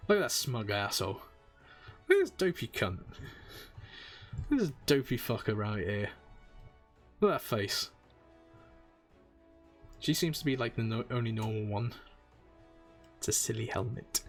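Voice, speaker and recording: A man's voice: medium pitch, big pitch swings, measured pace, pauses often, soft background music. Crude joking male game streamer. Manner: crude, joking, heavy swearing. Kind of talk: casual game commentary.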